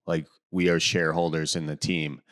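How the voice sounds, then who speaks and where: A man's voice: extremely low pitch, little pitch movement, moderate pace, a bit bright. A man from Wisconsin hosting a podcast, easygoing and jokey, with many fillers. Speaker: podcast host. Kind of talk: casual podcast chat.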